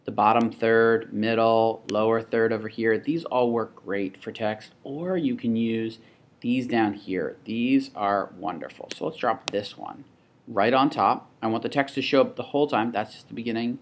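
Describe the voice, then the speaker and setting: A man with a young child, teaching a software tutorial in a casual, think-aloud way, with restarts and asides. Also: lowish voice, moderate pace, a little hiss or hum. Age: adult with a child. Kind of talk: screen-recorded tutorial.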